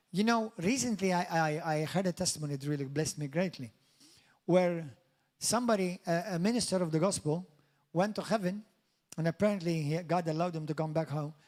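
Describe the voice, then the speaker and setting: A man's voice: fairly high pitch, a little mellow. A man preaching a sermon as pastor, in an emphatic, declamatory style that builds to exclamations. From Malta.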